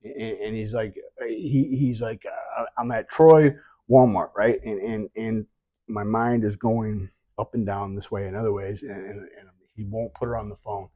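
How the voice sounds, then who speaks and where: Low man, halting retelling, many restarts, dry dull recording. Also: level tone, no echo. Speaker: guest sharing a scam story. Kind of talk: emotional retelling.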